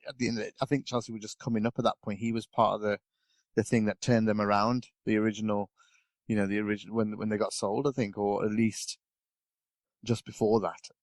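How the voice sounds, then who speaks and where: A man's voice: fairly low pitch, flat delivery, a little fast, no echo. A man chatting casually as a podcast pundit, rambling with lots of fillers and restarts. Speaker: guest pundit.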